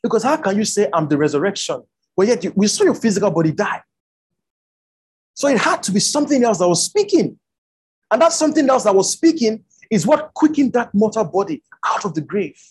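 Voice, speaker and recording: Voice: medium pitch, sing-song, fairly quick, husky, rough recording. A preacher giving an online Bible teaching over a video call, repeating key words for emphasis.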